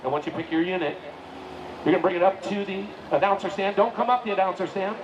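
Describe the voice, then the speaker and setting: A man announcing a tractor pull live, joking folksy banter with drawn-out hype calls. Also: sits high, lo-fi sound, noisy background. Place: outdoor tractor pull track. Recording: distant PA at a loud outdoor event.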